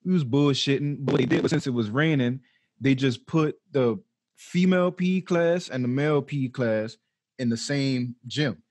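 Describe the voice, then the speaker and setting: A man's voice: medium pitch, moderate pace, a little mellow, no room sound. Laid-back young man telling a story. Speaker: podcast host. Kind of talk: casual chat.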